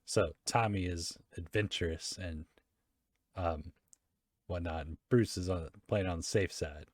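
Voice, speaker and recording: A man's voice: low voice, a little slow, dry recording, clean studio sound. A young man casually recapping a comic book for a friend, laughing often and loosely acting out the characters' lines. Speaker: comic reader and podcast host. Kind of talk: casual chat, reading comics aloud.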